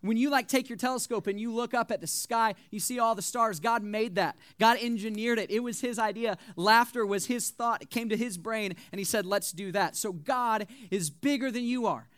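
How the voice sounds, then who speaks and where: Young male youth pastor, animated and joking, high bright voice, dry close sound. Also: normal speed, few pauses, no echo. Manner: animated, joking, conversational preaching. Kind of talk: sermon.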